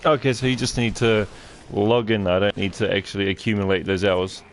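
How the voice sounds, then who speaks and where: A man chatting and joking with friends while playing a game, excitable and playful. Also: on the low side, a little fast, a little hiss or hum. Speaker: gamer on a stream. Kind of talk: casual chat while gaming.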